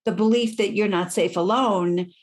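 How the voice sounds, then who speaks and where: A woman's voice: medium pitch, normal speed. A middle-aged woman, a life coach, speaking candidly and reflectively as an interview guest.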